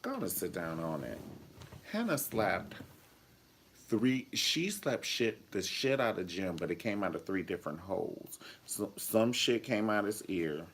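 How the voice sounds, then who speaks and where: A man's voice: sits low, big pitch swings, moderate pace, slight background noise. A man reviewing a TV episode in a casual vlog, flamboyant, sassy and profane. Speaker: TV show reviewer.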